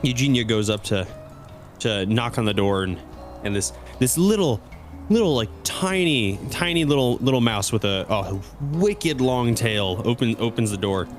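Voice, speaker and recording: A male game master narrates a tabletop session in a rambling, restarting way. His pitch moves around a lot, with faint music behind. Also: expressive, normal speed.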